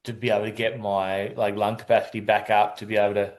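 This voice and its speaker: A man's voice: fairly low pitch, little pitch movement, fast. A man telling a personal story in a casual interview, rambling with many restarts and acting out what people said. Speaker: guest, adaptive surfer.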